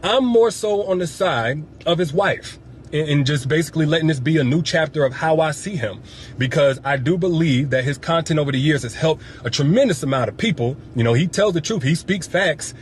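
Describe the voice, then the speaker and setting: A man speaking earnestly in a mock-sincere statement that turns into a sales pitch. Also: a little fast, a little hiss or hum. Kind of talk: parody sponsored pitch.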